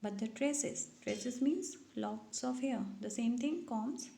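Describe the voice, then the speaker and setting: Gravelly-voiced woman explaining an English story. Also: fairly high pitch, animated, slow, mellow, echoey room, a little hiss or hum, rough recording. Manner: reads a passage aloud, then restates it in simple words. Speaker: English teacher.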